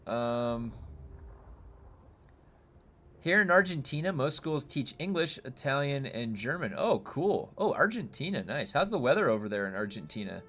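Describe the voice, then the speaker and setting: A man's voice: mid-range voice, sing-song, normal speed, a bit bright, slight background noise. Rambling chatty male game streamer. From United States. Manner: rambling, friendly, many fillers and restarts. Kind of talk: casual chat with stream viewers.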